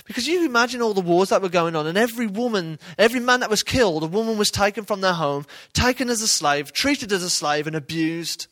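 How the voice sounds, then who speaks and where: High-voiced teacher. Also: male voice, animated, fast talker, hardly any pauses, fairly bright tone. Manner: conversational, questioning the audience. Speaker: Bible teacher. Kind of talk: informal Bible teaching.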